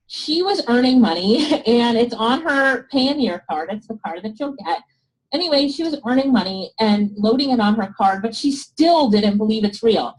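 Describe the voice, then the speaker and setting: A woman teaching an online business class in a live webinar, chatty and excited, laughing often and losing her voice. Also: fairly high pitch, normal speed, low-quality recording.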